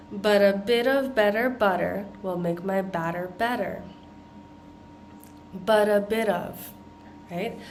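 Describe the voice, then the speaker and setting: Slow-speaking American woman teaching pronunciation. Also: mid-range voice, slight background noise. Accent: General American. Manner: slow, deliberate modeling of tongue twisters. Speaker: accent coach. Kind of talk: pronunciation lesson.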